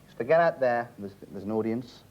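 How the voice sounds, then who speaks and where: A man's voice: medium pitch, fairly quick. A man hosting a TV game show in a studio with an audience, teasing the contestants and cracking jokes. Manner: teasing, jokey, animated. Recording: lo-fi early 90s TV broadcast, audience noise.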